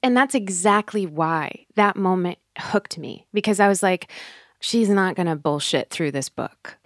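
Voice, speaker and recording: A woman host with a somewhat low voice, recorded in a dry, close sound with no room echo. She speaks reflectively and with enthusiasm, and her phrases sometimes rush ahead. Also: a little mellow. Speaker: podcast host. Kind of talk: conversational interview.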